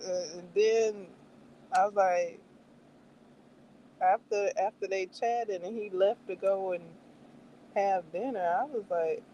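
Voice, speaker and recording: A woman hosting a livestream in casual chat, animated and laughing often, acting out her own reactions between wandering, filler-filled stretches. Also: medium pitch, slow, long pauses, dull audio, a little hiss or hum. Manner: meandering with many fillers. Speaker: livestream host reviewing a show.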